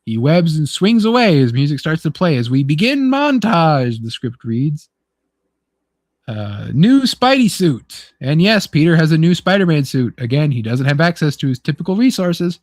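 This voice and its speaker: A man's voice: fairly high pitch, very animated, normal speed, no room sound, studio quality. A man hosting a casual chat who reads from a film script, rambling with many fillers and restarts. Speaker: host.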